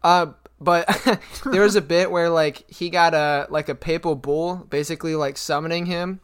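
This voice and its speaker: A man's voice: fairly high pitch, fairly even intonation, normal speed, clear, resonant tone. A young man co-hosting a podcast, telling stories in a chatty way and laughing often. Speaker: podcast co-host. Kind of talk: casual chat.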